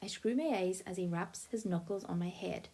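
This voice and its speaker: Mellow-voiced woman narrating an audiobook. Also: fairly low pitch, moderate pace, breathy edge. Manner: lively, expressive first-person telling. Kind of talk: first-person audiobook narration.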